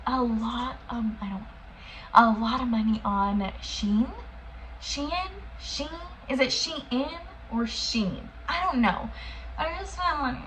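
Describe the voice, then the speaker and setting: A woman's voice: fairly high pitch, sharp tone, slight background noise. A young woman vlogger talking casually to the camera in a chatty, effusive way, indoors at home. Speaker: beauty vlogger.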